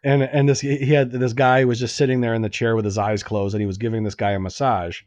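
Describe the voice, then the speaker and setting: A man's voice: medium pitch, quick pace, no room sound. A man co-hosting a podcast, telling a casual story with lots of swearing and acted-out dialogue. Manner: animated, swearing, acts out quoted dialogue. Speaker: podcast co-host.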